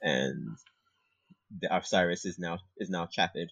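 A man with a very low, husky voice co-hosts a casual book podcast and drops wry jokes about the plot. The sound is dry and dull, as if from a cheap mic. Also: a little slow, fairly bright tone, no echo. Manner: wry, joking asides. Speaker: podcast co-host. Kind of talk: casual book discussion chat.

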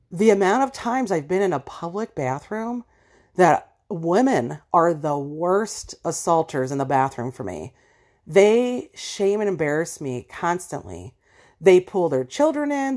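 A woman's voice: fairly low pitch, very animated, measured pace, a little mellow. A woman hosting a personal monologue episode, speaking bluntly and passionately and appealing directly to listeners. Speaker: podcast host.

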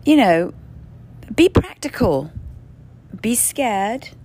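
A woman's voice: a little high, very animated, drawn-out words, darkish tone, breathy edge. A woman speaking candidly and bluntly, with frequent swearing and laughter, from indoors in a rented lodging. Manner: blunt, profane, emphatic, laughs often. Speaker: speaker sharing spiritual experience. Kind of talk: candid monologue.

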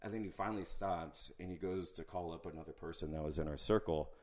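A young man in casual chat, telling an animated, profane story full of quoted asides. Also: sits low, quick pace.

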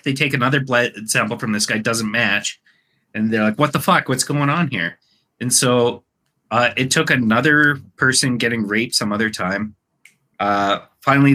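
A young man co-hosting a casual podcast, his voice bright and forward. He rambles through stories in loose, unpolished chat and breaks into laughter often. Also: medium pitch. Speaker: podcast co-host.

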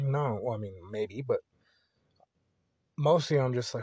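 A man's voice: medium pitch, moderate pace, pauses often, warm tone. A young man talking on his own podcast in a loose, rambling way, full of swearing and restarts. His voice sits in a middle register. The sound is dry and close, with no room echo. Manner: rambling, profane, candid. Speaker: podcast host. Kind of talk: casual solo podcast monologue.

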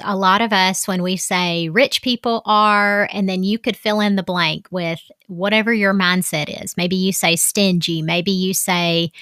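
A woman's voice: mid-range voice, a bit bright, dry recording, studio quality. A middle-aged woman hosting a podcast, talking in a candid, chatty way with asides and fillers. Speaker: podcast host. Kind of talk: casual solo podcast talk.

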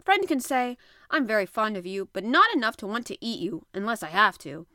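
A woman reading an audiobook, voicing a boisterous, hearty male Canadian harpooner with loud outbursts. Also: mid-range voice, normal speed, no echo, studio quality, natural voice.

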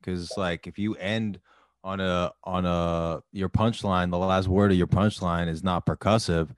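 Deep voiced podcast host guy, chill, dry close mic. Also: steady tone, measured pace, dry recording. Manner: laid-back, brief agreeing replies. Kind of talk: casual podcast chat.

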